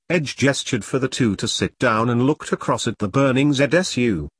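A man narrating an audiobook in a steady, measured reading voice. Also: mid-range voice, slightly rough, dry recording. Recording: dry close studio sound.

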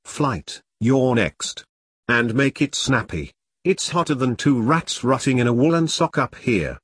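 A man puts on a loud, bossy upper-class brute, barking orders at everyone. The voice is husky and the room is dry and close. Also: medium pitch, big pitch swings, a little slow, dry recording, exaggerated voice. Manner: shouting, bossy and impatient. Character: bellowing fat aristocrat in a lion hat.

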